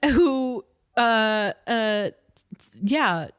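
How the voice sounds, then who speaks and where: A woman co-hosting a podcast in casual chat, animated and laughing often, bursting into loud acted-out quotes. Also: on the high side, drawn-out words, smooth, dry recording, studio quality. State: short on sleep. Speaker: podcast co-host.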